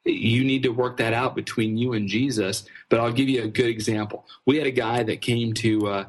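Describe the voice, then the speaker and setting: A man being interviewed as a ministry fundraising trainer, telling earnest, animated stories with frequent restarts. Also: mid-range voice, moderate pace. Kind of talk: conversational storytelling interview.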